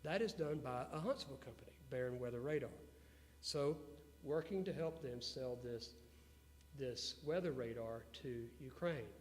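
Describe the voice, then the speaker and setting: A man being interviewed before an audience, telling business stories in an animated way and putting questions to the crowd. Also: mid-range voice, normal speed. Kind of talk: storytelling talk to an audience. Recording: long hall reverb with faint hum.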